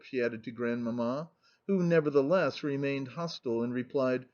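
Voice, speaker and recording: A man's voice: mid-range voice, normal speed, a little mellow. Male audiobook narrator, muffled sound. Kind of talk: scripted narration of a classic novel. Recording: muffled lo-fi recording.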